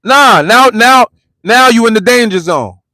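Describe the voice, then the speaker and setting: A man from the United States with a very high voice rants in a heated street vlog, hammering the same slangy lines again and again. His voice is close and dry on a phone mic, with no room sound. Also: expressive, measured pace, sharp tone, dry recording. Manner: repetitive, slangy, confrontational ranting. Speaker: vlogger and commentator. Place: parked car.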